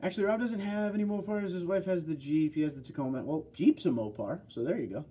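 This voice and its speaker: Husky-voiced man chatting on a livestream. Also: high-pitched, fast talker, mellow. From New York. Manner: rambling, chatty, talks straight to viewers. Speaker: livestream host. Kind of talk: casual livestream chat answering viewer comments.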